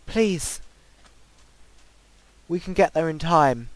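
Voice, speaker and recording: A man commentating his own game play, breaking into excitable, panicky outbursts and repeated pleading. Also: fairly high pitch, measured pace, dry recording. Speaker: gaming channel host. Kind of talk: Minecraft let's play commentary.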